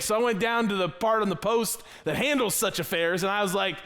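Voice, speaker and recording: A man preaching a sermon in a church, telling a personal story with lively quoted dialogue in a conversational way. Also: high voice, a little fast, few pauses. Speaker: pastor. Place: church sanctuary.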